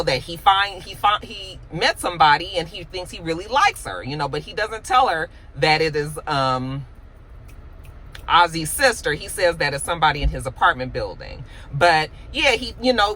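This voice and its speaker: A woman host recapping a TV episode in casual chat, animated and profane, filling her lines with "you know.". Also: on the low side, slight background noise, rough recording.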